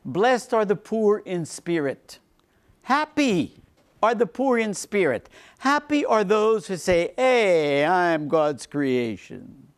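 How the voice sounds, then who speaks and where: Man, priest lecturing, lively swooping delivery, slightly higher voice, repeats lines for emphasis. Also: slow. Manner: animated, swings between emphatic lines and quiet low asides. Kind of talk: seminar lecture on faith.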